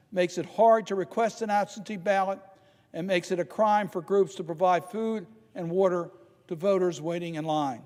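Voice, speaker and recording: An older man from Maryland giving a measured, emphatic Senate floor speech, slowing down to stress key points. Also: sits high, a little mellow, long reverb tail. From Maryland, United States. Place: large legislative chamber.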